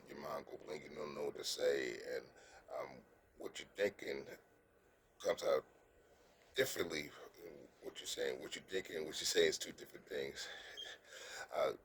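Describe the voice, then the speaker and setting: Deep-voiced man giving halting dating advice. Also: slight background noise. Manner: halting, repeats words, keeps asking "you understand?"; coaching, earnest tone. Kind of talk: casual advice monologue.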